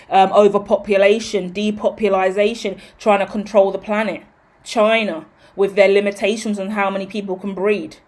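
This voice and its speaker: A woman, hosting a tarot channel in a casual, rambling monologue. She is animated, swears freely and acts out what she talks about. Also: mid-range voice. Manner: animated, profane, theatrical.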